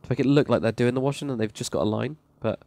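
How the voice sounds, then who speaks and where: Quick-paced and darkish in tone, a man with a mid-range voice reviews a Minecraft server plot. His tour of the build is casual and rambling, eager and quick to praise, with faint music behind him.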